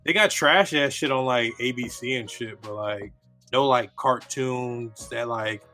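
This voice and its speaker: A man's voice: mid-range voice, unhurried, bright, forceful tone, faint music behind. A man in casual chat, teasing and nostalgic in a laid-back way.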